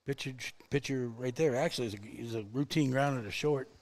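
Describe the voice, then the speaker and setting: A man giving relaxed baseball color commentary, chuckling and telling stories from his coaching days. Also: mid-range voice, fast talker, a little hiss or hum. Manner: relaxed and chuckling, tells anecdotes.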